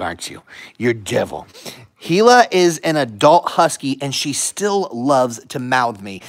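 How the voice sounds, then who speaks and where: Young male streamer, lively pitch, casual and playful, drops into soft baby talk for his pets. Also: slow pace. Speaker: livestream host with dogs. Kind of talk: casual livestream chat.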